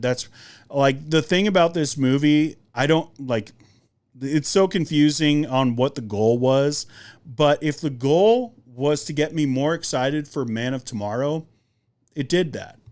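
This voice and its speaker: A young man hosting a podcast, giving a casual, rambling movie review with lots of fillers and animated jumps in his voice. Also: mid-range voice. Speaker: podcast host.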